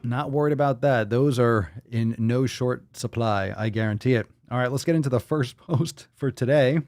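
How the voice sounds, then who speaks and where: A man's voice: mid-range voice, normal speed, darkish tone, dry recording, faint music behind. A man hosting a casual livestream podcast, reading viewer posts aloud in a loose, profane manner that swings between hype and mumbling. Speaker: podcast host.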